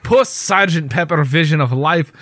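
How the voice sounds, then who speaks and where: A man's voice: medium pitch, expressive, fast talker, no room sound. Playful man in his twenties, dry close mic. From United States. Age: 20s. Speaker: podcast co-host. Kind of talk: casual movie review chat.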